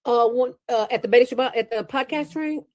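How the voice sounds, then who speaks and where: A woman as an interview guest, talking in a playful, preachy way with sudden jumps in pitch. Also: brisk, darkish tone, dry recording. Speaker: interview guest, nonprofit founder. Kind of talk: casual interview talk.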